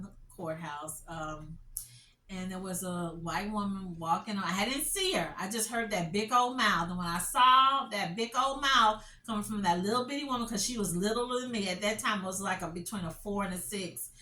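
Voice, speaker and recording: A woman's voice: medium pitch, sharp tone, slight background noise. A middle-aged woman doing casual commentary, reading lines aloud and reacting with dramatic disbelief. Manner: dramatic, incredulous reactions, slow emphatic reading. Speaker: commentary channel host. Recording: echoey room, voice from a distance.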